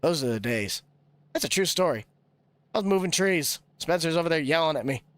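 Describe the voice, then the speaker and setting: Man, young adult, game streamer, rambling jokey chatter, a bit higher voice. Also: lively intonation, a little fast. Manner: rambling, jokey, laughs often. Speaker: live-streamer playing a farming game. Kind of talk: casual gameplay chatter.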